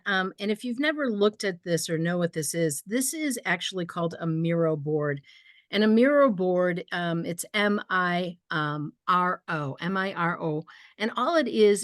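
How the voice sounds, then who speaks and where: A woman's voice: fairly low pitch, a bit bright, no echo, clean studio sound. A woman with a Midwestern US accent presenting a virtual workshop over a video call, upbeat and chatty. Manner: upbeat, chatty, reacts to comments with laughs.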